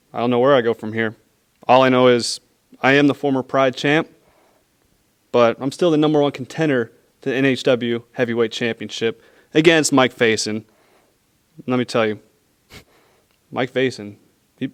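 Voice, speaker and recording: Smooth-voiced male wrestler. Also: medium pitch, fairly even intonation, normal speed, long pauses. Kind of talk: wrestling promo.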